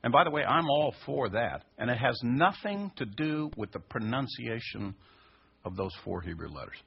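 A man teaching a sermon in an emphatic way, his voice rising to high stressed peaks. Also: sing-song, moderate pace. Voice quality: husky, gravelly. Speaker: Messianic teacher. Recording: dull lo-fi recording.

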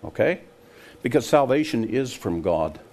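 A man's voice: mid-range voice, sing-song, measured pace, darkish tone. An older man preaching a sermon, emphatic and scoffing, often putting questions to his listeners. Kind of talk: sermon to a congregation.

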